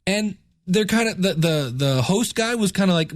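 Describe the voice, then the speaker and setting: A man hosting a podcast, telling stories in a casual, animated way and jumping into quoted voices. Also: high-pitched, normal speed, no echo, clean studio sound. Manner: playful, jokey phrasing. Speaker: podcast host. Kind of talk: casual solo podcast storytelling.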